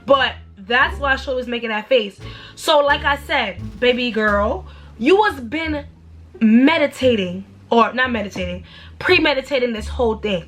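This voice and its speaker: A young woman telling a storytime in a blunt, animated, slangy way, with sudden high exaggerated outbursts. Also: a little slow, faint music behind. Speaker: storytime vlogger. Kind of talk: casual storytime rant.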